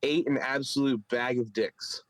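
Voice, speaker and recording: A man's voice: medium pitch, unhurried, no echo, low-quality recording. A man with a Philadelphia accent, co-hosting a podcast and telling a long story in a rambling way full of fillers. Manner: rambling, filler-heavy, animated retelling. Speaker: podcast co-host. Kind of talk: casual storytelling chat.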